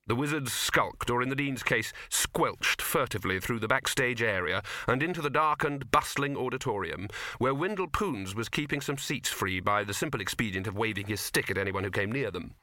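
Man narrating with a lively, bright voice. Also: mid-range voice, moderate pace, dry recording. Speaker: audiobook narrator. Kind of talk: scripted narration. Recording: dry close studio recording.

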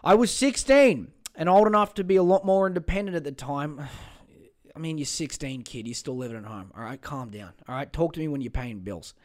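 A man's voice: on the high side, expressive, brisk. Rambling, swearing podcast host man. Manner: rambling, profane, self-mocking, mutters while searching. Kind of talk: casual solo podcast monologue.

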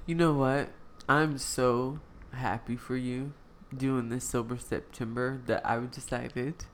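A woman co-hosting a casual podcast, playful and quick to laugh. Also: very deep voice, steady tone, slight background noise. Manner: playful, laughs often, drawls words out. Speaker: podcast co-host.

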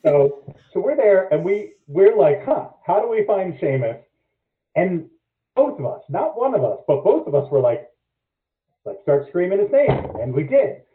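A man telling a story as a podcast guest in casual chat, animated and swearing freely. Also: high-pitched, normal speed. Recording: echoey, phone-like lo-fi audio.

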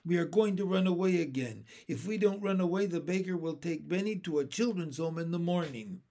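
A man reading a practical, hushed orphan sister. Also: high-pitched, a little fast. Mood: urgent hushed.

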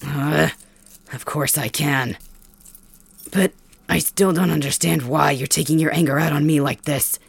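Casting: woman playing a defiant, snarling young male captive king for ASMR role-play, low and dry. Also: a little slow, vocal fry, long pauses, slightly rough, no room sound, heavily acted. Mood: defiant pain. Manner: defiant, snarling, pained grunts.

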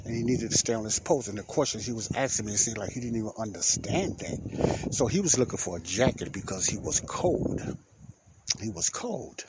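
A man with a fairly low voice talks through a story in a loose, rambling way, repeating himself and circling back. It sounds like a podcast host chatting off the cuff. A clear hiss of noise runs under the whole recording. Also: lively intonation, fairly quick. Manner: rambling, repeats himself, keeps saying "well, anyway". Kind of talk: casual storytelling monologue.

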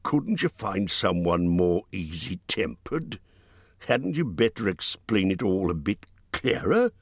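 A man's voice: low voice, sing-song, takes it slowly, slightly rough, no room sound, heavily acted. A man voicing a group of male dwarves who complain warily. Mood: grumbling. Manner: complaining, wary.

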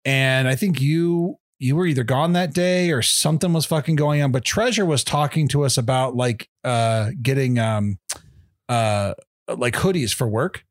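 A man co-hosting a casual podcast, telling stories with animated energy, laughing and swearing often. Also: medium pitch, moderate pace. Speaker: podcast co-host. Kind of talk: casual chat.

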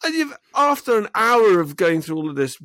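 A man's voice: high voice, big pitch swings, moderate pace, a bit bright, no echo, studio quality. A man co-hosting a podcast in casual chat, ranting and acting out quoted phone calls. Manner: ranting, acts out quoted call-centre lines. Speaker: podcast co-host.

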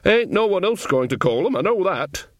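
A man's voice: sits high, very animated, moderate pace, a bit bright, no room sound, studio quality, voice pushed up, heavily acted. A man voicing a cheerful, gossipy old woman witch in an audiobook, chatty and teasing. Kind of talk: audiobook reading.

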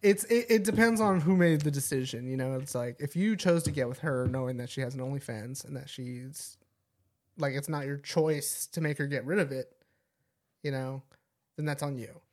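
A man's voice: medium pitch, normal speed. Dry-joking, cursing podcast co-host, male. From Arizona. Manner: casual, profane, dry joking. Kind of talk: casual chat.

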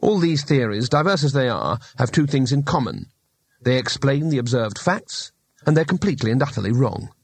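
A man's voice: medium pitch, animated, moderate pace, slight background noise. Man reading a comic fantasy novel. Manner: dry, wry storytelling. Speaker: audiobook narrator. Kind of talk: scripted narration.

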